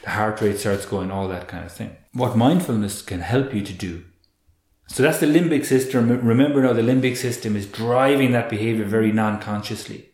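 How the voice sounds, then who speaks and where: A man, a guest expert explaining in an earnest, animated way, often restarting with repeated words. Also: on the low side, normal speed. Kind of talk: conversational explaining. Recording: roomy echo.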